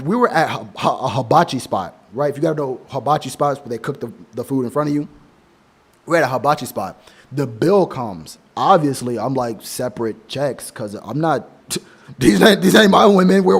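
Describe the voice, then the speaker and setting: A young man talks in a rambling, casual advice monologue, blunt and profane, breaking off and restarting often. His voice sits fairly high for a man. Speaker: men's advice vlogger.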